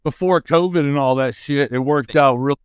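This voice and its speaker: Male guest from Missouri, smooth clear voice, dry close sound, easygoing. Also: on the high side, normal speed, no room sound. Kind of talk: casual chat.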